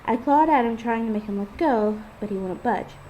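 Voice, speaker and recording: A woman's voice: a little high, moderate pace, dark tone, a little hiss or hum, poor audio. A woman casually reading her own first-person story aloud. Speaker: fan fiction author and reader.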